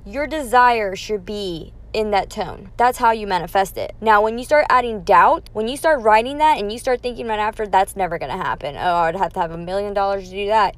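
A woman in her thirties with a mother's easy, chatty manner, talking casually about manifesting and swearing now and then. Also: medium pitch. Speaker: manifestation talk host. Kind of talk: casual monologue.

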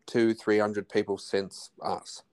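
An Australian man in his forties talks casually as a podcast guest. His voice sits low, and he circles his points with restarts and trailing half-phrases. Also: flat delivery, slow pace, darkish tone. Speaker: podcast guest, husband of host. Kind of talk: casual chat.

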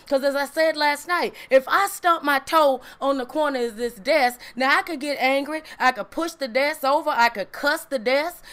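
A woman's voice: high-pitched, a bit bright. A woman preaching a Bible lesson in a conversational way, asking questions and answering them herself, often adding "right?". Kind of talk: sermon, Bible teaching.

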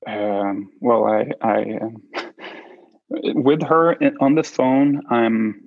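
A man in an interview telling a personal story, halting and restarting often as he speaks. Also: mid-range voice, creaky, no room sound, phone-quality sound. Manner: halting, with many restarts and fillers. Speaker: interview guest.

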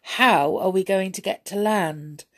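A woman's voice: mid-range voice, a little slow. A woman voicing a gloomy, practical young boy in a storybook reading, sensible and glum.

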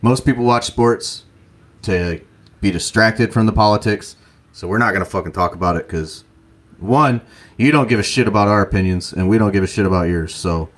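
Young guy on a sports podcast, lowish voice, swears a lot, laid back banter. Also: normal speed. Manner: profane, laughing banter. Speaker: podcast co-host. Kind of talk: casual sports chat.

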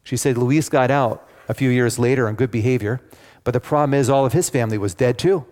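A man preaching a sermon, telling a story dramatically and dropping to a hushed, pleading tone. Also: medium pitch, brisk. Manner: dramatic, swings from loud acted quotes to hushed pleading. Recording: long hall reverb.

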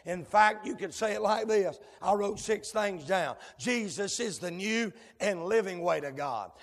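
A male preacher delivering a fiery sermon in rhythmic cadences, dotted with amens and sudden shouted whoops. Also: high-pitched, animated, a little slow. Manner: rhythmic cadences punctuated with amen. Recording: long hall reverb.

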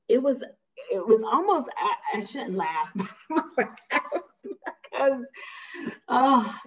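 A woman telling a personal story on a podcast in a casual, animated way, acting out quotes and laughing often. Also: medium pitch. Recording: slightly dull lo-fi sound.

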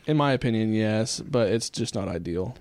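A man's voice: on the low side, expressive, moderate pace, darkish tone, dry recording. A man hosting a podcast, talking thoughtfully with lots of hesitations in casual chat. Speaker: podcast host.

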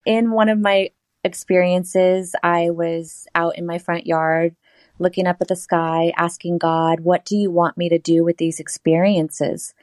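A woman guest tells a long personal story in an interview, her voice on the low side for a woman. She laughs often and acts out her own past words as she goes. The sound is dry and close. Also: little pitch movement, a little slow, darkish tone, dry recording, rough recording.

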